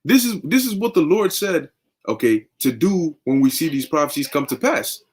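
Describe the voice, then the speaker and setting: A man's voice: on the high side, big pitch swings, moderate pace, darkish tone, slightly rough. A young man teaching scripture in a fervent, conversational way, often tagging sentences with "man" and "okay". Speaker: preacher.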